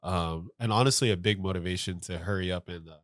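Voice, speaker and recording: A man's voice: low voice, fast talker, fairly bright tone, dry recording, studio quality. A man co-hosting a podcast in casual chat, stuffy-nosed and rambling with lots of "like". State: stuffy nose. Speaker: podcast co-host.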